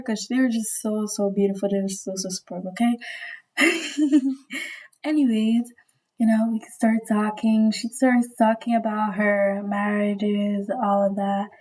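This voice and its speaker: A woman's voice: mid-range voice, a little mellow, poor audio. A young woman vlogger, a little sick, rambling and gushing in casual slangy storytime chat.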